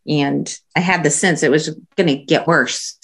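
Woman, very low voice, earnest Bible study sharer. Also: steady tone, normal speed, gravelly, husky. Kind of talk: group discussion.

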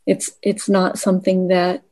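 A woman's voice: on the low side, monotone, measured pace, warm tone. A woman in a Bible study discussion, speaking hesitantly and searching for her words. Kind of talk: reflective group discussion.

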